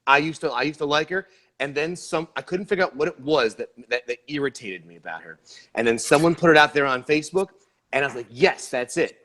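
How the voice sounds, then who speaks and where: A man talking casually on a podcast panel, animated and joking, often stammering and restarting his sentences. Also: on the high side, fast. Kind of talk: casual sports-podcast chat.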